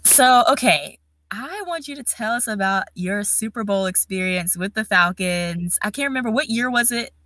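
A woman's voice: medium pitch, animated, normal speed, a bit bright, a little hiss or hum. A woman hosting a podcast, chatting casually and reacting with encouraging, gushing remarks. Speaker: podcast host.

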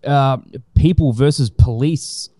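Man, mid pitch, mellow dark tone, blunt sweary podcast chat, dry close mic. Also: slow, no room sound. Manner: blunt and sweary, full of fillers. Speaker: podcast co-host. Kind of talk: casual opinionated chat.

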